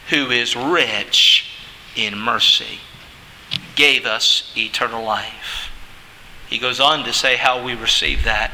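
A man preaching a sermon as a pastor, emphatic, with wide swings of pitch and words drawn out for effect. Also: lively intonation, slow pace, pushed and bright, in a large hall, poor audio.

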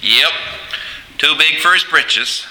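A man's voice: fairly high pitch, slow pace, bright, forceful tone, long reverb tail, slight background noise, pitched above the performer's own voice, heavily acted, poor audio. A man putting on the voices of two chatty Newfoundland locals, with broad dialect and a lilting, exaggerated delivery. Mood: folksy.

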